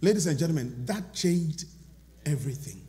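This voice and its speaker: A man preaching a sermon as pastor, swinging from loud shouted lines to hushed asides. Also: a little high, animated, normal speed. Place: large church sanctuary. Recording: long church reverb.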